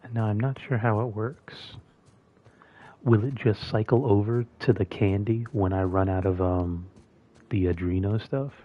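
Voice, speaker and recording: Male gamer, low-pitched and mumbly, muses aloud through a muffled lo-fi mic. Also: fairly even intonation, moderate pace. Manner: mumbly and musing, thinking aloud. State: talking with a mint in his mouth. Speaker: gameplay streamer. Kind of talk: casual gameplay commentary.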